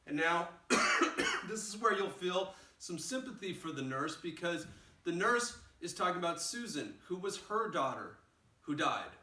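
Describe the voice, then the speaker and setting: Casual teacher with a bright voice. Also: male voice, high-pitched, a little slow, slight background noise. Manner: casual and animated, acts out lines. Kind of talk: explaining a play scene. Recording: roomy sound, mic far off.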